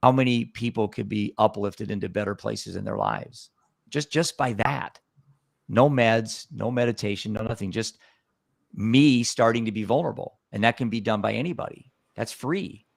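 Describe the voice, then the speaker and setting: An earnest man tells a story with a low, gravelly voice. He is recorded close on a dry mic. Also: moderate pace, no echo. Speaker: guest. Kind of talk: storytelling in a conversation.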